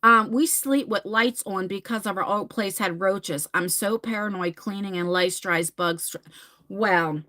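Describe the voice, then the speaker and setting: A woman's voice: medium pitch, a little slow, sharp tone. A woman in her forties chatting on a live stream, reading comments and telling stories dramatically, swearing casually. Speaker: livestream host.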